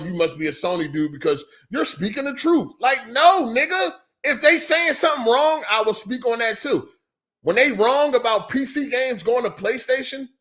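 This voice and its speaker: A man hosting a live gaming podcast, ranting heatedly and profanely while answering chat. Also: very high-pitched. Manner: profane, animated, talks back to chat. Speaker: podcast host. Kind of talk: heated live-stream rant.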